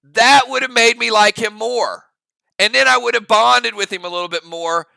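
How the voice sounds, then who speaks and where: High, gravelly-voiced man chatting on stream. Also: normal speed, pushed and bright, no echo. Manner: rambling, thinks aloud with restarts, talks straight to chat. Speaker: live-stream host reacting to a TV episode. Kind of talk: live-stream reaction chat.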